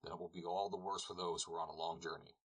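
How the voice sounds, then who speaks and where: A man's voice: sits low, little pitch movement, quick pace. A man voicing a shrewd, chatty traveling peddler. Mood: probing. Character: wandering male peddler, shrewd and talkative.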